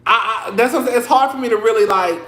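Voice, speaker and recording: A man's voice: very high voice, fast, a bit bright, reverberant. A man hosting a podcast, chatting casually and rambling with lots of "like" and restarts. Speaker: podcast host. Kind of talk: casual commentary chat.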